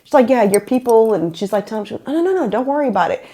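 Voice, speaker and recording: Animated woman host telling a story. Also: a little high, racing. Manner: animated, acts out quoted people. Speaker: podcast host. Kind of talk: casual storytelling chat.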